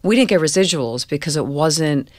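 A woman from Queens with a New York accent, speaking as an interview guest in a candid, storytelling way with a deep, slightly gravelly voice. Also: lively intonation, moderate pace, no room sound, studio quality. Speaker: guest actress. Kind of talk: casual interview chat.

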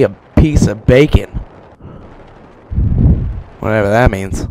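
A man commenting over his gameplay in a mock-serious deadpan voice that breaks into excited outbursts. His voice sits in an ordinary middle pitch. Faint noise and game gunfire run behind him. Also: unhurried, pauses often. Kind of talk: joking live game commentary. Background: game gunfire and explosions.

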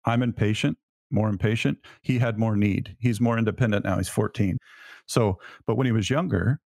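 A man's voice: on the low side, normal speed, vocal fry, a little mellow, no echo, studio quality. A middle-aged man co-hosting a faith podcast, telling a personal story in an earnest, reflective way. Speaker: podcast co-host.

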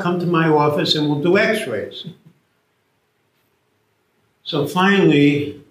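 A man giving a sermon, telling a story and acting out the voices of its characters. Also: a little high. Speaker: preacher. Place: church. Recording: echoey church from far off.

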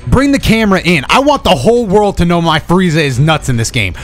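Excitable high-voiced male gamer. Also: a little fast, faint music behind. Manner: excitable, profane, talks to himself and laughs. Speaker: streamer. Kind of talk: casual gameplay commentary.

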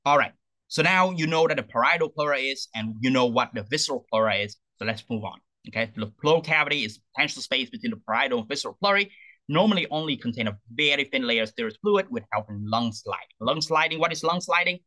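A man's voice: medium pitch, fast talker, no room sound, low-quality recording. A man giving an anatomy lecture, tagging "okay?" onto points and asking rhetorical questions he answers himself. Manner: lively, repeats "okay?" to check understanding.

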